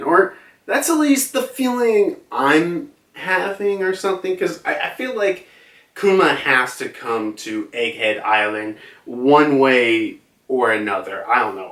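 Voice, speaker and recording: A man reviewing a manga chapter in a casual, rambling way, full of hesitations and fillers. He talks slowly at a mid pitch. The room sounds echoey, and the mic sits back from him. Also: a bit bright. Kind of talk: casual chat. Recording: roomy, slightly distant mic.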